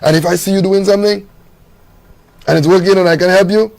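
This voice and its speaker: A man's voice: high-pitched, steady tone, fast talker, gravelly, a little mellow. A man speaking as a talk show guest, earnest and emphatic. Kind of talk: casual chat.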